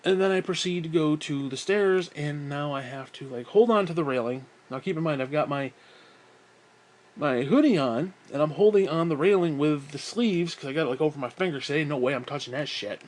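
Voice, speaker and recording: A man's voice: fairly high pitch, brisk, a little mellow. A man telling a rambling, profane story in a casual monologue, slightly out of breath. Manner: profane, rambling, self-talk asides.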